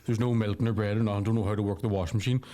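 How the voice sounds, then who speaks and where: A man's voice: fairly low pitch, fairly even intonation, rapid-fire, warm tone, close to an everyday voice. A man voicing a timid young male student who whines to his mammy. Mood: whining. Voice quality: whiny, childish.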